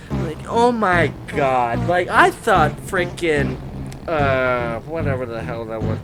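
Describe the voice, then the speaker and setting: A man reviewing anime in a casual, rambling monologue that flares into excitable, profane rants. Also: medium pitch, slow, vocal fry. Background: background music.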